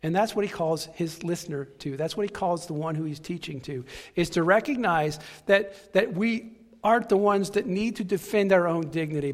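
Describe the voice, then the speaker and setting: A man's voice: sits high, long reverb tail. A man preaching a sermon with passion, repeating key phrases for emphasis. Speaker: pastor.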